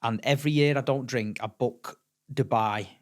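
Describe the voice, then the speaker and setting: Speaking in a mid-range voice at normal speed, a middle-aged man from England is a guest chatting casually on a podcast. He acts out the quotes in his stories with animation and often repeats words.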